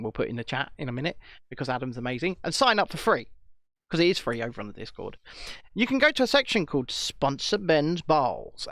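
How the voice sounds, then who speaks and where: A man's voice: a little high, fairly bright tone, dry recording. A man co-hosting a podcast, giving casual, mocking and opinionated banter. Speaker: podcast co-host.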